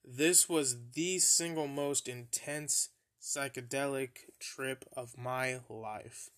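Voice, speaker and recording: Slow-talking young man telling stories. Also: mid-range voice, steady tone, a bit bright. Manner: profane, laughing at his own embarrassing stories. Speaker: podcast host. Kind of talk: casual storytelling.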